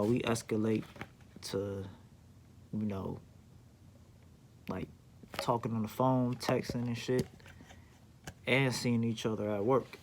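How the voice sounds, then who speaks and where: A man's voice: medium pitch, slight background noise. A young man casually telling a story from his life, with a laid-back slangy manner and lots of fillers.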